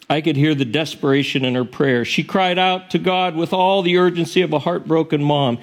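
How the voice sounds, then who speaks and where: Pastor guy preaching, earnest and expressive, voice a bit high, trips over words now and then. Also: brisk, hardly any pauses. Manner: earnest, expressive storytelling with self-corrections. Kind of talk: sermon.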